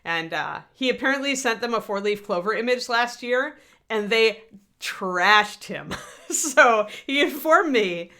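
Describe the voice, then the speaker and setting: A woman's voice: lowish voice, pushed and bright. A middle-aged woman hosting a casual livestream, chatting in a rambling way and answering viewers while painting miniatures.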